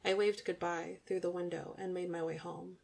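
Young female audiobook narrator, gravelly and on the low side, intimate and even. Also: moderate pace.

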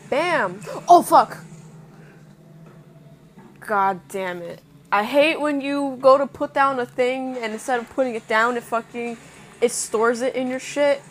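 A woman's voice: on the high side, normal speed, slight background noise. Swearing woman narrating her gameplay. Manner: swears often, reacts loudly to scares, mutters to herself. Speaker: gameplay streamer. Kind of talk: casual let's-play commentary.

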